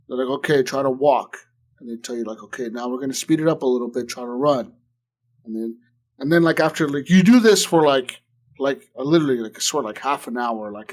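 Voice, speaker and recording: A podcast co-host with an ordinary middle-pitched voice tells a long, rambling story in relaxed conversation. He piles on "like" and curse words while acting out other people's lines.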